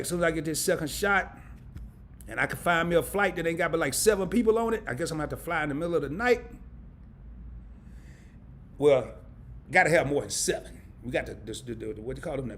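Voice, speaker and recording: This middle-aged man, from a small Arkansas town, jokes and rambles casually as he hosts a live stream indoors beneath camera lights. His voice runs on the high side, and there's a little hiss or hum.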